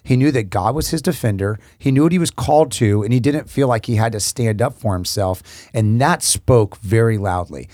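A man of middle pitch reads a passage aloud and then reflects on it, speaking in an encouraging way to listeners. His voice sits dry and close to the mic. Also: normal speed, hardly any pauses, a little mellow, dry recording. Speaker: co-host of a devotional talk. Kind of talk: casual Bible discussion.

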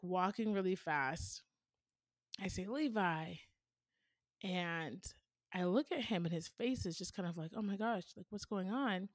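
Woman in her 30s hosting a podcast, low-ish voice, dry close sound, chatty and earnest, says "like" and "right?" a lot. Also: no echo. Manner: earnest, storytelling, frequent fillers like "like" and "right?". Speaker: podcast host answering a listener question. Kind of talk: casual advice talk.

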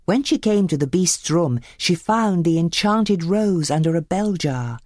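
Animated low-voiced woman reading a storybook. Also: measured pace, no room sound, clean studio sound. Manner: expressive, animated. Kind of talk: storybook read-aloud. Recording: faint background music.

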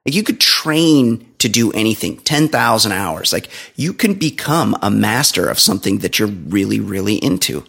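A man's voice: on the low side, sing-song, moderate pace, vocal fry, few pauses, fairly bright tone, slightly rough. A man hosting a casual comedy podcast, joking crudely and swearing, in his morning voice. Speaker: podcast host. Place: home studio.

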